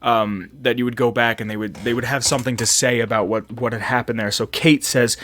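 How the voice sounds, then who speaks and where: A man's voice: mid-range voice, expressive, fast, hardly any pauses, a bit bright, dry recording. A man with a mid-range voice hosts a casual podcast, reading game facts aloud in a loose, swearing, chatty way. The sound is close and dry, with no room around it. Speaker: podcast host.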